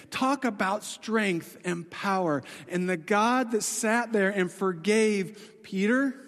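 Man preaching a sermon, casual, dramatic storytelling, high voice, long hall reverb. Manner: dramatic storytelling, swinging from excited to hushed; casual, conversational.

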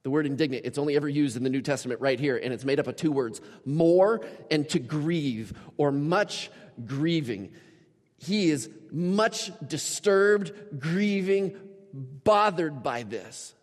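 A man preaching a sermon as a pastor, storytelling with animated shifts and acting out the people he quotes. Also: a little high, unhurried. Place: church. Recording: church hall with long reverb.

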